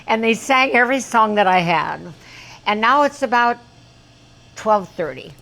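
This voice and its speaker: A woman in her eighties, a guest singer, telling lively show-business stories in a chatty way. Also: a little high, measured pace, poor audio. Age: 80s. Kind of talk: anecdotal storytelling.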